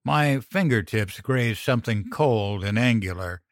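A man narrating a first-person horror story in a measured, grim manner. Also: lowish voice, expressive, no room sound, clean studio sound.

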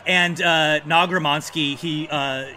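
A man running a tabletop game as game master, narrating in an animated, profane, rambling way. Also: on the high side, slow.

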